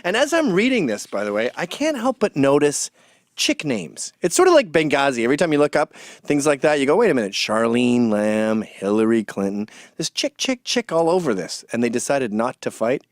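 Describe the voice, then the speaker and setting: A man's voice: fairly high pitch, sing-song, brisk, no echo, clean studio sound. A man hosting a comedic commentary, ranting in a sarcastic, mocking way. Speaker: host and commentator.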